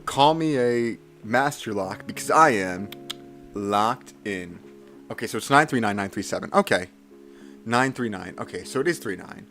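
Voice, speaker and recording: A man's voice: fairly low pitch, expressive, moderate pace, a bit bright, soft background music. A young man live streaming a memory challenge, reciting strings of digits in bursts and correcting himself with flustered apologies.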